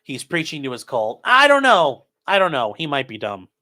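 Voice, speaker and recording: A man's voice: on the high side, huge pitch swings, moderate pace, bright, forceful tone. A man hosting a casual commentary stream, reading viewer messages aloud and answering them sarcastically. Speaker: host reading chat.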